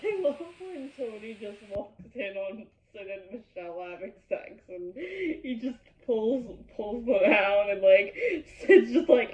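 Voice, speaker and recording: A woman hosting an episode reaction vlog, talking excitedly and gushing with plenty of "like" fillers. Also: mid-range voice, a little slow, hardly any pauses. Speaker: YouTube host. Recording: echoey room, far from a dull mic.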